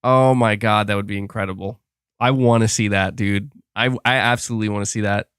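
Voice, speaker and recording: A young man hosting a casual gaming podcast, rambling excitably with restarts and laughs as he reads viewer messages. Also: on the low side, fairly quick, clean tone, no echo, studio quality. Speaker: podcast host reading super chats. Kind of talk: casual live-stream chat.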